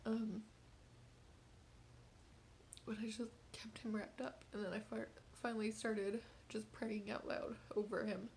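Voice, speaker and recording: A woman in her thirties talks to camera in a personal video diary, her voice soft, half-whispered and halting, tearful in places. The tone is low-set and mellow with a gravelly edge, over faint background hiss. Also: little pitch movement. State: tearful, crying at times. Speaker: mother.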